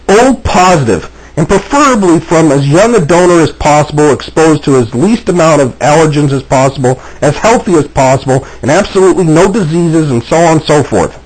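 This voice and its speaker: A man's voice: a little high, rough recording. A man talking agitatedly to camera, repeating himself and restarting often. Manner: agitated, repetitive, frequent restarts. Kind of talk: agitated personal video monologue.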